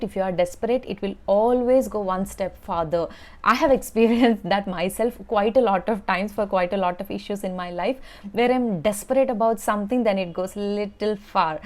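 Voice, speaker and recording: A woman's voice: medium pitch, darkish tone. A woman speaks straight to her viewers as a vlogger, sharing a personal story. She is earnest and emphatic and keeps circling back to repeat her key words.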